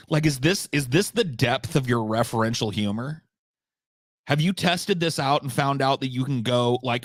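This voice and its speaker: A man's voice: mid-range voice, normal speed, no room sound, clean studio sound. A man giving casual reaction commentary on a video, sarcastic, profane and exasperated.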